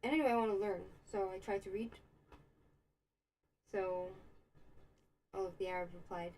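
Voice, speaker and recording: A woman's voice: medium pitch, steady tone, normal speed, darkish tone, a little hiss or hum, low-quality recording. A young American woman hosting a casual livestream, rambling through a story and answering chat comments. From United States. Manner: rambling, chatty, with many fillers and asides. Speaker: livestream host. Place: Israel.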